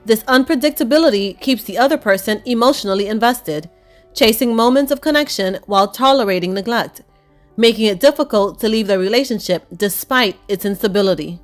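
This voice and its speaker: A woman reading scripted narration as a relationship coach, in a measured, explanatory way. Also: on the high side, faint music behind.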